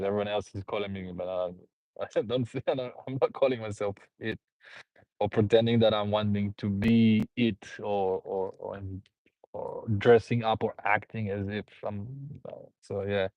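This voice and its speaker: A man's voice: fairly low pitch, steady tone, moderate pace, a little mellow, dry recording. A man hosting a live stream, rambling through viewer comments, laughing and repeating himself. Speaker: host. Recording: dull, dry lo-fi sound.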